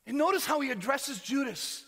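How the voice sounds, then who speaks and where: An American man preaching a sermon as pastor, swinging between loud proclamation and near-whispers. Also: very high-pitched, expressive, normal speed. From United States. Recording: large hall reverb.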